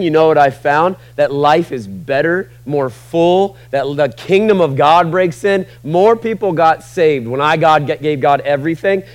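A male pastor preaching a sermon, swinging between loud emphatic peaks and quiet conversational asides. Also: fairly high pitch, no echo.

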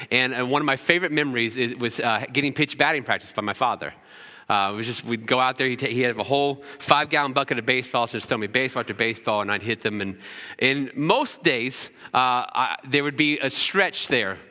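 A man's voice: mid-range voice, sharp tone. A middle-aged man preaching a sermon as pastor, casual and conversational, with frequent fillers and restarts. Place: church sanctuary. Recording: long hall reverb.

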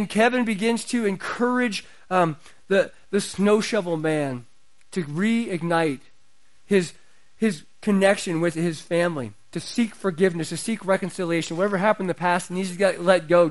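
Middle-aged male pastor, high voice, chatty sermon that swells in volume. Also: moderate pace. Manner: conversational preaching, builds in pitch and loudness.

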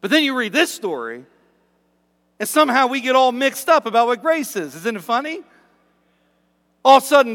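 High-voiced pastor guy preaching, swings all over in pitch, long echo of a big hall. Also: moderate pace, pauses often. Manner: animated, acts out grumbling workers in asides. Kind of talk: sermon.

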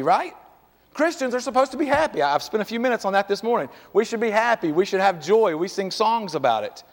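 A man's voice: sits high, fairly bright tone, in a large hall. A man pastor preaching a sermon in a church, talking conversationally and piling up rhetorical questions. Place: church sanctuary.

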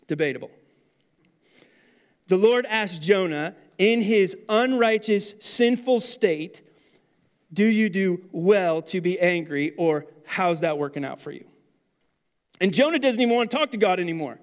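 A man in his thirties preaching a sermon as pastor, animated and then dropping to quiet intensity. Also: high voice, a little slow.

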